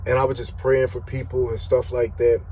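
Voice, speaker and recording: A man's voice: mid-range voice, level tone, a little fast, dark tone, a little hiss or hum, low-quality recording. A man who drives trucks, giving an earnest, emphatic faith testimony vlog from his parked truck cab at night, repeating phrases and leaning on words.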